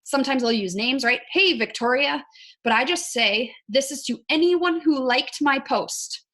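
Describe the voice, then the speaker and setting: A woman's voice: high voice, normal speed, a bit bright. Chatty woman on a video call. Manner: chatty, often asks "right?" and says "like". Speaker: fitness coach leading her team. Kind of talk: casual team video call. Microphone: video call mic.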